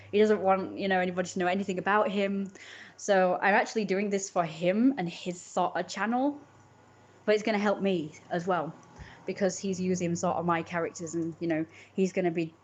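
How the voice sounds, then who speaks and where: A woman's voice: mid-range voice, darkish tone. A woman, chatting casually with her viewers in a rambling way, full of fillers and restarts. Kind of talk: casual chat.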